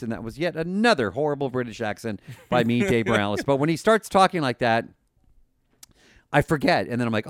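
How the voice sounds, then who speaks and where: A man's voice: medium pitch, very animated, a little fast, dry recording, studio quality. A man hosting a podcast, talking casually and enthusiastically, often repeating and restarting words. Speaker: podcast host.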